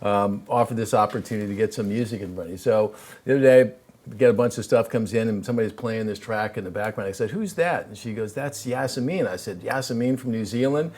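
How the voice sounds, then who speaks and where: A man's voice: lowish voice, steady tone, quick pace, darkish tone. Guy hosting an interview show, casual chatty, lots of ums. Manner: casual and chatty, with fillers and restarts. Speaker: host.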